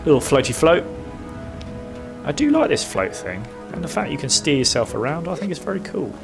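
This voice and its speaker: Chatty gamer with faint music. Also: male voice, fairly high pitch, very animated, fairly quick, gravelly. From United Kingdom. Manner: chatty and self-mocking, frequent fillers and playful humming. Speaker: gaming streamer. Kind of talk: casual gameplay commentary.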